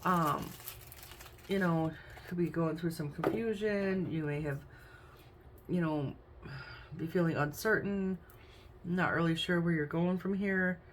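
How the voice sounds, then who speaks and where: A woman's voice: lowish voice, measured pace, long pauses. A woman giving a casual tarot reading at home, chatty, with frequent "um"s and "okay?"s. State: hiccups. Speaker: tarot reader. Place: home room with window open. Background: faint noise from outside.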